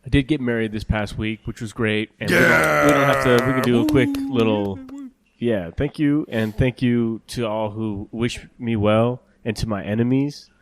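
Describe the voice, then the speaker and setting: A man's voice: mid-range voice, fairly even intonation, normal speed. A young man co-hosting a casual gaming podcast, joking and laughing through his stories. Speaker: podcast co-host. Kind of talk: casual chat.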